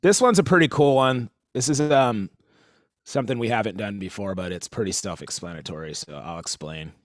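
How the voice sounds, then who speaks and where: A man's voice: fairly low pitch, a little fast. A man leading a livestream drum lesson, talking casually as he explains stickings and counts the group in. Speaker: drum instructor.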